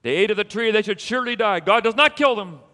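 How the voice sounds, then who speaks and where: High, bright-voiced preacher in a hall. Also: male voice, fast. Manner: animated storytelling, rising to emphatic peaks. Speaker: pastor. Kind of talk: sermon.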